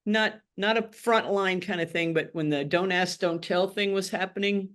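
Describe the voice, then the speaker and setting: A woman's voice: mid-range voice, normal speed, fairly bright tone. An older woman from Tennessee, telling her life story frankly and wryly in an oral history interview, acting out the voices of people she quotes. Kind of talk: candid personal storytelling.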